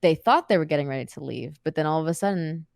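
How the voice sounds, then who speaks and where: A woman in her thirties, a podcast guest, telling a story in a lively, casual way, laughing often and using many fillers. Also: low voice, fast talker, creaky, no room sound, studio quality. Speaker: podcast guest, wrestler and actor.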